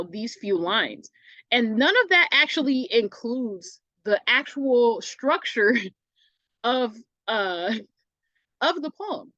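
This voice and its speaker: A woman's voice: medium pitch, fairly bright tone, dry recording. Casual woman teacher, dull dry recording. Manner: casual, self-correcting, fillers like "like" and "right?". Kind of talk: recorded online English lesson.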